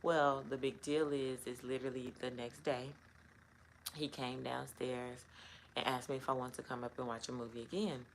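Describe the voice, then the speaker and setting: Very deep-voiced middle-aged woman storyteller. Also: slight background noise, low-quality recording. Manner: casual, rambling, with frequent "um" and "like". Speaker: vlogger. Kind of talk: candid personal storytelling.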